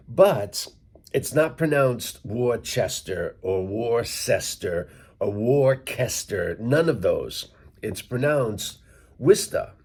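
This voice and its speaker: Slow-talking, lively-pitched man teaching English. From central Massachusetts, USA. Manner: slow and deliberate, spells words out letter by letter. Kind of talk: casual teaching monologue to camera.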